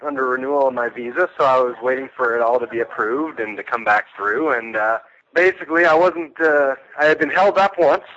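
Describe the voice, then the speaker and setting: A Canadian man calling in as a guest, talking haltingly with many restarts and laughs. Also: mid-range voice, fairly even intonation, a bit bright. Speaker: guest on phone. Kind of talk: casual chat. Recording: telephone line.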